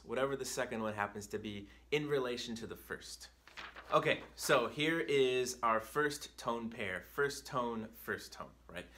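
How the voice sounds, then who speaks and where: A male teacher with a bright, forceful voice, talking slowly and carefully. He explains each point patiently and keeps checking in with his students. He pauses to read drill words aloud in a raised voice. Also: mid-range voice. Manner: slow, patient explanations with frequent checks like "right?". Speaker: Chinese teacher. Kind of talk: video language lesson.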